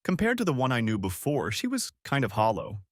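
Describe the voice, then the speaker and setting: A man narrating a first-person audiobook story in a steady, expressive way. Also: medium pitch, fairly quick, dry recording, clean studio sound.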